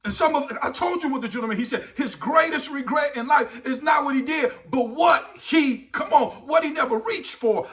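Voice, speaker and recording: Middle-aged guy with a high bright voice doing a fired-up motivational speech, preachy, keeps repeating lines and calling out to the listener. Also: brisk, hardly any pauses. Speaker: motivational speaker.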